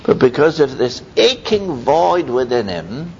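A man preaching a sermon, telling stories in a lively way with sudden high exclamations. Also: a little slow. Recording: dull lo-fi recording with faint rumble.

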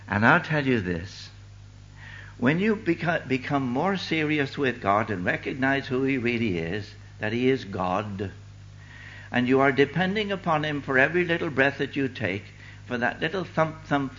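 An older man preaching a sermon with fervent delivery, swinging from loud declaiming to hushed asides. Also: medium pitch, lo-fi sound.

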